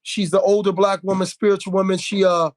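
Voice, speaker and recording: A man with a fairly high voice telling a story animatedly on a podcast. He sounds indignant, with restless rhythm and many restarts as he works through his point. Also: flat delivery, a little fast. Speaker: podcast conversation partner. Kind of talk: casual podcast conversation.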